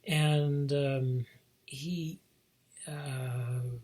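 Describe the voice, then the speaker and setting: A vlog host rambles through a casual monologue with a very breathy, husky voice. The pitch sits mid-range, and the talk wanders with restarts and chuckles. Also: fairly even intonation, very slow, a little mellow. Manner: meandering, many fillers and restarts, chuckles often.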